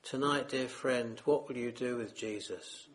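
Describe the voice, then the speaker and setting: Male preacher, unhurried sermon, earnest pleading tone, mid-pitched. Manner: earnest, solemn, pleading with listeners.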